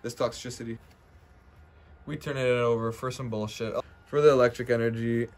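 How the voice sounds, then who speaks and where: A young man with a mid-range voice talks through a pack-opening session indoors at someone's house. His commentary is loose and profane, full of brash trash-talk, and it can jump from grumbling into loud, excited hype. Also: medium pitch, normal speed. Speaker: card-opening vlogger. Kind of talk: casual unboxing commentary.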